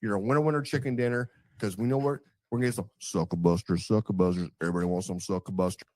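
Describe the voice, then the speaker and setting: A man's voice: on the low side, steady tone, rapid-fire, a little mellow, no room sound. A Texan man co-hosting a barbecue podcast, rambling along with plenty of fillers and false starts. His voice is close and dry, with no room sound. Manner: rambling with many restarts and fillers. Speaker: podcast co-host. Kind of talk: casual chat.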